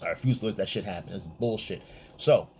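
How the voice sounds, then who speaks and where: A man's voice: low voice, a little fast, a little mellow, slight background noise. A man giving blunt, profane dating advice in a casual monologue, often checking in with the listener. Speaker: men's dating coach.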